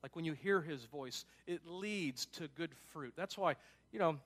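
A man's voice: on the high side, a little slow, fairly bright tone. A man preaching a conversational sermon to his congregation, emphatic and casual, with frequent asides. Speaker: pastor.

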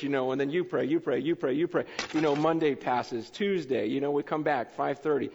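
A man preaching a sermon as pastor, telling stories with much repetition and swinging between loud excitement and hushed earnestness. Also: medium pitch, a little fast, hardly any pauses, slight background noise. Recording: muffled hall recording with long reverb.

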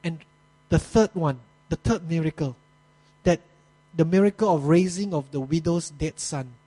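High-voiced preacher telling a story. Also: male voice, warm tone, rough recording. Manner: storytelling with dramatic pauses, non-native grammar slips. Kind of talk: sermon.

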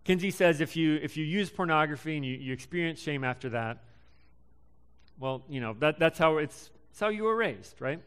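A young man in his twenties giving a casual sermon, halting and full of ums and restarts. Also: fairly high pitch, expressive, fairly bright tone, clear, resonant tone. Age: young adult. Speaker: preacher.

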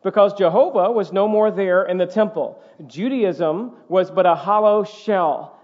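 A man preaches from the pulpit in a high voice, driving his points home with emphatic repetition. The sound is dull and muffled, carried by a long reverb through the church sanctuary. He speaks as pastor to his congregation. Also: a little slow. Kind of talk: sermon.

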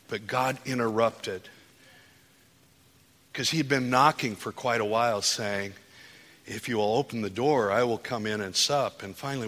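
Man, preacher, sermon, fervent testimony, bright voice, echoing hall. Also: fairly low pitch. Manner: testimony building to impassioned, rising preaching. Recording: hall with long reverb.

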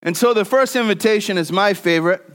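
A pastor preaching a conversational sermon, mixing scripture with joking personal stories and swinging between loud and soft. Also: male voice, high-pitched, brisk.

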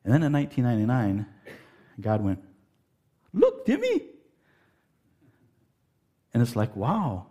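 A middle-aged man preaching a sermon in a folksy, animated storytelling way, laughing and putting on voices. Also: lowish voice, fairly quick. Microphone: handheld mic.

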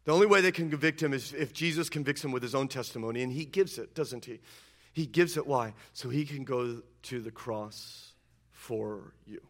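Bright-voiced emphatic male preacher. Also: moderate pace. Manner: emphatic preaching that swings between loud declarations and low intense asides. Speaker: pastor. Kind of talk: sermon.

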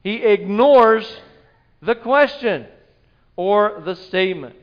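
A man preaching a sermon, telling the story with animated delivery and acting out the quoted voices. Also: high-pitched, slow pace, muffled recording. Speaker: pastor.

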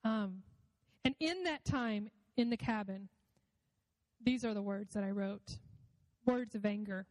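A woman's voice: mid-range voice, a little slow, long pauses, a little mellow, no echo, big-room sound, poor audio. A woman giving a personal faith testimony in an earnest, reflective and emotional way.

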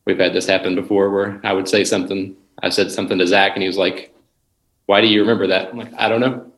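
A man's voice: deep voice, little pitch movement, quick pace. A man in a casual podcast chat who talks hesitantly and often says he is unsure. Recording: roomy echo.

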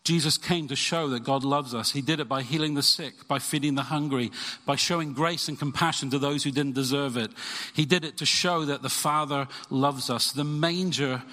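A man's voice: mid-range voice, normal speed, sharp tone. Earnest preaching man in a reverberant hall. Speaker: pastor. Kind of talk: sermon. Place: church.

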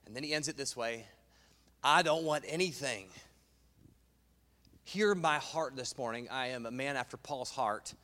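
A man preaching a sermon as pastor in a church, animated and playful, cracking jokes and asides. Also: medium pitch, brisk, few pauses. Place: church sanctuary. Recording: long reverb in a large hall.

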